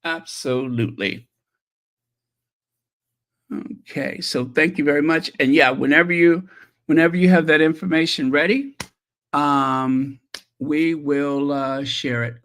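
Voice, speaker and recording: A man's voice: on the high side, steady tone, measured pace, pauses often, fairly bright tone. A man hosting a casual livestream, chatting and reacting to viewer messages with many fillers. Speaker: channel host.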